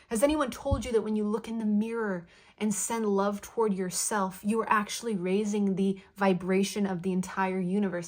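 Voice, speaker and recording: A woman giving a spoken tarot reading to her viewers, gentle and affectionate, playful, with her affirmations said twice over. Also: medium pitch. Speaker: tarot card reader.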